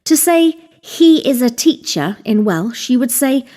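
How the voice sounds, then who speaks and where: A woman narrating a scripted Welsh language lesson, slowly spelling out words and examples. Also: high-pitched, big pitch swings, mellow. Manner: slow, deliberate, spelling out vocabulary.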